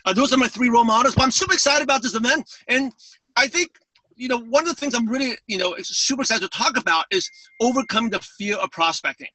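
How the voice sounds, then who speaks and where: A man from New York with a New York accent and a lisp, talking fast and eagerly as a guest speaker on a webinar call. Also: very high-pitched, pushed and bright, dry recording, recorded from a distance, low-quality recording. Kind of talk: webinar talk.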